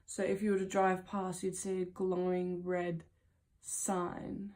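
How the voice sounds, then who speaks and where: A woman's voice: on the low side, completely flat delivery, slow pace, a little mellow. A woman vlogger telling stories in a casual, rambling way, laughing often and swearing casually. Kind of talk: casual storytime monologue.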